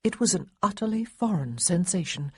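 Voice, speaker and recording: A woman reads an audiobook with lots of expression, her low-ish voice rising and falling freely. Her tone is husky and breathy, recorded dry and close with no room sound. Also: normal speed, no echo. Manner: expressive, lively character dialogue. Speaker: audiobook narrator. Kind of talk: audiobook narration.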